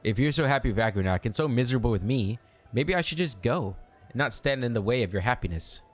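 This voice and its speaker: A man's voice: medium pitch, expressive, quick pace, faint music behind, close to an everyday voice. A man reading aloud as a fierce, jealous male half-orc general, barely changing his voice for the role. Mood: pleading.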